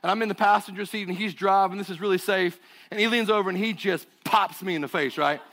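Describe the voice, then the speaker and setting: A man with a Southern accent preaches as a guest pastor. He tells stories in an energetic, joking way. His voice is fairly high for a man. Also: quick pace. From Burlington, North Carolina. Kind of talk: sermon.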